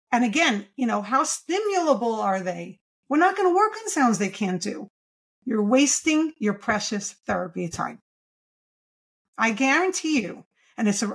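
A woman speech therapist as a podcast guest, talking enthusiastically and emphatically, posing rhetorical questions as she explains. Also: a little high. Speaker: pediatric speech-language pathologist guest. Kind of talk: podcast interview.

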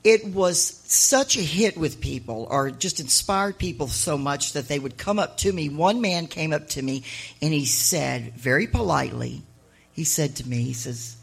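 A middle-aged woman and author telling stories live on stage to an audience, chatty and animated, with laughing asides. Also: deep voice, normal speed, gravelly, husky. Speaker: author and honorary mayor addressing an audience.

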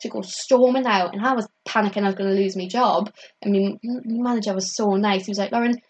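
A young woman telling a story in casual chat. She talks in a chatty, animated way, full of "like" fillers, and often acts out what other people said. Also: mid-range voice, fast, a little hiss or hum. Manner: laughs often mid-story. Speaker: comedian guest telling stories.

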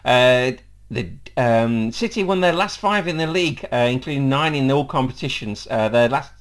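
A man hosting a casual football podcast, laughing often and using plenty of fillers. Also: mid-range voice. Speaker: podcast host.

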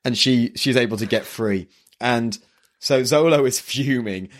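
A man hosting a casual podcast chat, recapping a manga animatedly and often laughing. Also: unhurried. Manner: animated, laughing, acts out characters in higher voices. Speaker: podcast host.

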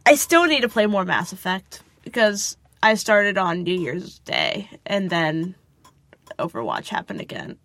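A woman's voice: on the low side, a little slow, no echo. A woman co-hosting a casual podcast from a small closet at home, sarcastic, swearing and dry-humored. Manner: sarcastic, swears, deadpan asides. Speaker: podcast co-host. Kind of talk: casual chat.

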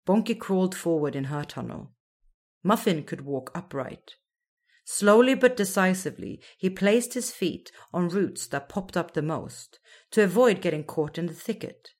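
A woman narrating a children's storybook in a slow, expressive storytelling manner. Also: fairly low pitch.

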